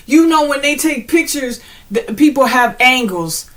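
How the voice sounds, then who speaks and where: High, bright-voiced woman preaching casually. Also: measured pace. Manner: animated, slangy and laughing often; preachy, addresses viewers directly. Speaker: spiritual channel host. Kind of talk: casual spiritual pep talk.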